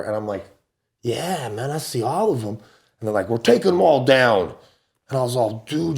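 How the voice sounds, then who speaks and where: A man in his forties tells wild stories in casual, slangy talk. His voice sits at an ordinary middle pitch, and he leaps high whenever he quotes someone. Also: creaky. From United States. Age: 40s. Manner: animated storyteller, jumps up high for quoted voices; laid-back slangy talk. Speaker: podcast guest. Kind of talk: casual storytelling.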